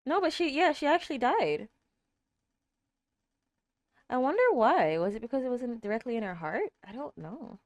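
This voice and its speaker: Young woman gasping thru an anime reaction, pitch jumping all over, dry close sound. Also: sing-song, normal speed, long pauses, no echo. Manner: gasping, exclaiming, swinging from hushed to loud. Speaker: reaction streamer.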